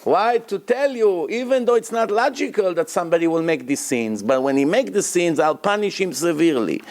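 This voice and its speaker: A man delivering a rabbinic lecture in an emphatic, insistent way, often repeating a word to drive it home. His voice sits a little higher than most men's. His grammar slips now and then. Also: expressive, fairly quick. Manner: emphatic, repeats words for stress, non-native grammar; breaks into loud acted shouting of prayers and quotes. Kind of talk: Torah lecture to a congregation.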